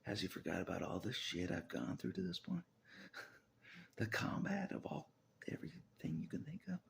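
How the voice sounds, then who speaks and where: A man vlogging alone to his camera in a rambling monologue, swinging between loud outbursts and low muttering, breaking into laughs. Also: big pitch swings, normal speed, vocal fry, in a whisper. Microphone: camera mic.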